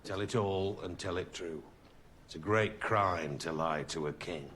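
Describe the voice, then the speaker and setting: An actor playing a blustering middle-aged king who gives gruff, impatient orders. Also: sits low, measured pace, a bit bright, a little hiss or hum. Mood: commanding.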